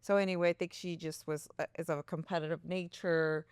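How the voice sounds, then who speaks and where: Chatty woman with a lowish voice. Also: fairly quick, clear, resonant tone, no echo. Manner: chatty, animated, laughs often, quotes herself in a higher voice. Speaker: podcast co-host. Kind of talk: casual chat.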